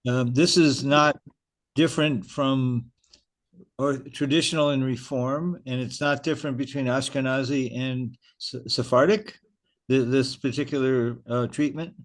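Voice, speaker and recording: A man's voice: mid-range voice, fairly even intonation, unhurried. Unsure man asking in an online class. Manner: searching, unsure. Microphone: video call.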